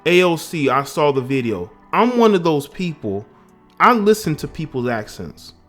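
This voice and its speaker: A man's voice: on the high side, very animated, moderate pace, a bit bright, soft background music. A man from the American South giving emphatic, indignant political commentary on his own vlog, often restarting his phrases.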